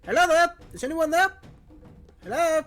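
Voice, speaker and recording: Man doing excitable adventurer, bright shouted calls, swinging pitch. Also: moderate pace, soft background music. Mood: calling out. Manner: high shouted calls, laughing often. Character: excitable male adventurer calling out.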